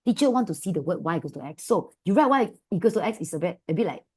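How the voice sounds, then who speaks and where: Malaysian lady maths tutor, slightly low voice, chatty and affectionate, keeps asking the class questions. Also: husky. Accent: Malaysian English. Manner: affectionate, calls students "my dear"; lively, asks many quick questions. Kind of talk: online class teaching.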